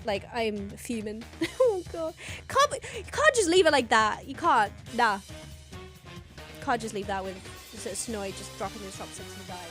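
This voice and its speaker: A young woman reacting to a show with a high, bouncing voice that leaps all over the place. She gasps, laughs and swears freely, and faint music plays underneath. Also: moderate pace. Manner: excitable, gasping, laughing and swearing. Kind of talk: casual reaction commentary.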